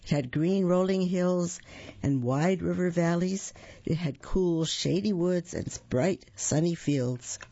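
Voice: mid-range voice, slow pace, dark tone, no room sound, lo-fi sound. A storytime reader reading a children's picture book aloud, drawn out and full of sound effects.

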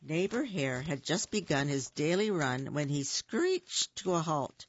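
A woman hosting a radio reading service, reading a children's picture book aloud in a clear, expressive storytelling manner. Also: sits low, a little slow, no room sound. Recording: dull dry studio recording.

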